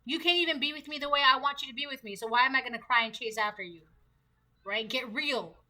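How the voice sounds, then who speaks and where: A woman's voice: high voice, fairly even intonation, racing, bright, forceful tone. A woman giving a casual tarot reading, chatty and slangy, often laughing between points. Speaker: tarot reader.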